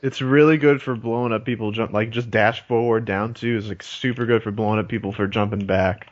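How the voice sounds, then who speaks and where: A man chiming in calmly and matter-of-factly in a casual gaming podcast. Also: fairly low pitch, fairly quick, no echo. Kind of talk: casual podcast chat about fighting games. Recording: dull lo-fi audio.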